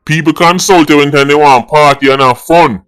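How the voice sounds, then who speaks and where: A Jamaican man with a slightly raised voice hosts his own commentary vlog. He rants with indignation, sliding between patois and English. Soft music plays faintly behind him. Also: on the high side, moderate pace, clear, resonant tone. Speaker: vlogger host.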